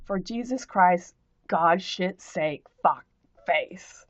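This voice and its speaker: Slow-talking woman in a ranting monologue. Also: lowish voice, dry recording, dull audio. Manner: spells out words and rhymes in playful wordplay, with profanity. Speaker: vlogger answering a commenter.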